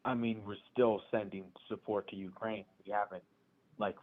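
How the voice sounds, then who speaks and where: A man with a low, deep voice calls in over a thin, tinny phone line. He speaks hesitantly, stalls and restarts while he argues his side. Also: little pitch movement, moderate pace. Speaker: caller.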